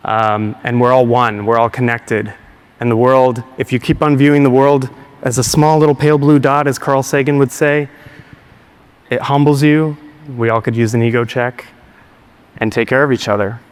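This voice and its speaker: A man's voice: mid-range voice, fairly even intonation, moderate pace, clear, resonant tone. A man giving a keynote talk to a live audience, telling a story in an earnest way and getting choked up. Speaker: keynote speaker. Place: large hall before a live audience.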